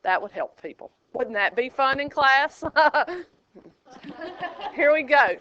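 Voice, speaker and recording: A woman's voice: high voice, big pitch swings, slow pace, bright, forceful tone, lo-fi sound, a little hiss or hum. Chatty woman teaching a math class. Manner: chatty, joking, asks the class questions. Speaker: high school math teacher. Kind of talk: classroom lecture.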